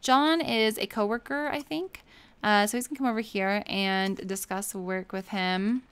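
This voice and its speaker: A woman's voice: mid-range voice, fairly even intonation, moderate pace, a bit bright, clear, resonant tone. A woman giving casual, chatty commentary over a life-sim game, laughing often and gushing over the family she plays. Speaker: gameplay streamer.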